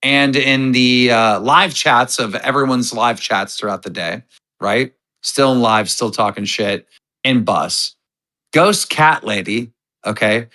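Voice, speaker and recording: A man recapping drama on a livestream, telling it slowly and emphatically with checking asides. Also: medium pitch, sharp tone, poor audio. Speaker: show host.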